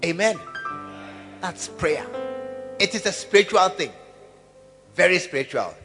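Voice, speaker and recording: A man's voice: sits high, animated, a little slow. A man preaching a sermon in a church hall, acting out phone calls and prayers. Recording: music and long hall reverb.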